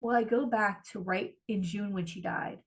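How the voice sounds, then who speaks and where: A woman's voice: medium pitch, fairly even intonation, moderate pace. A woman co-hosting a podcast, chatting casually and animatedly, gushing and swearing freely. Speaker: podcast co-host. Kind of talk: casual chat.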